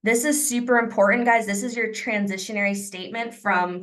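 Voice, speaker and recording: A woman leading a sales training class over a video call, with an energetic coaching manner, acting out sample lines for her team. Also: medium pitch, moderate pace, few pauses.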